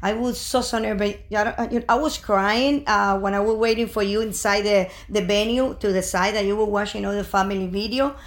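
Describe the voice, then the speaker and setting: A woman's voice: medium pitch, steady tone, fairly quick, few pauses. An older woman, mother of the host, telling a rambling, emotional family story with many restarts in casual chat.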